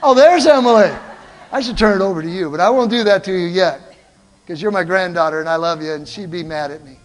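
An older man preaching a sermon, telling stories in an animated way and calling out to the congregation. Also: sits high, fast, long reverb tail, soft background music. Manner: animated storytelling, calls out to the congregation. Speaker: pastor. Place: church.

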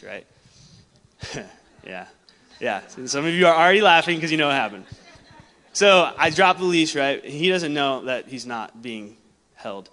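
A young man preaching a sermon, telling a personal story in a casual, animated way and laughing often. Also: fairly high pitch, normal speed. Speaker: pastor. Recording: long hall reverb.

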